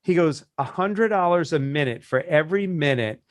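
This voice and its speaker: A business coach tells a story in casual podcast conversation, animatedly acting out the voices of people he quotes. His voice is a little high and moves at a normal speed, with clean studio sound and no room sound.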